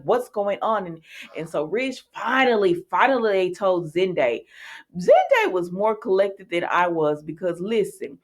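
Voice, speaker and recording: A woman vlogger casually recapping soap opera episodes, chatty and animated, with laughs and acted-out quotes. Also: on the low side.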